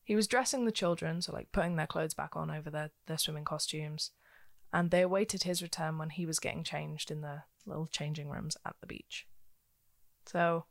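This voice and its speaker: A woman's voice: sits low, normal speed, gravelly. Chatty woman telling a true crime story. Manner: chatty, with frequent ums and likes. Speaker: podcast co-host.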